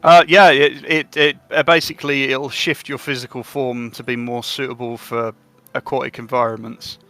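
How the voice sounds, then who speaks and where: A man's voice: mid-range voice, little pitch movement, normal speed, pushed and bright, soft background music. A man voicing a polite, helpful male official who rambles with many hesitations in a tabletop game. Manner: hesitant, full of fillers.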